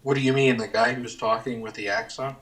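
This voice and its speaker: A man in a casual livestream chat who asks pointed questions in a deadpan way. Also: medium pitch, brisk. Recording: distant from the mic.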